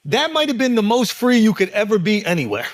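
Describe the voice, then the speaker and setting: A man's voice: high-pitched, sing-song, brisk, no room sound, clean studio sound. A man from the United States, a comedian talking bluntly and with profanity in a casual podcast chat.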